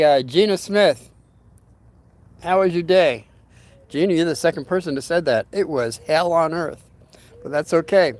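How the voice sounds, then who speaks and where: A rambling, folksy older man hosts a casual storytelling livestream. His voice sits a touch higher than most men's. He drifts between his tale and greeting viewers by name as their comments come in.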